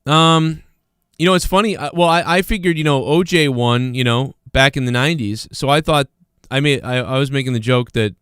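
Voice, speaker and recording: A man talks through casual livestream commentary in a smooth, clear voice at a middle pitch. He rambles, restarts his sentences and leans on fillers, with a sarcastic, mocking edge as he reads the chat. The sound is dry, with no room around it. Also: normal speed, fairly bright tone, dry recording. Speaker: livestream host reading chat.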